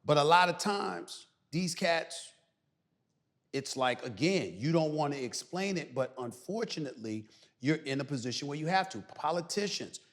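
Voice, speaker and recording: A middle-aged man as a guest commentator, talking loudly and emphatically on a podcast. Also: fairly high pitch, normal speed. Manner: loud, animated, preacher-like emphasis. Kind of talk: emphatic podcast interview talk. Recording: reverberant room.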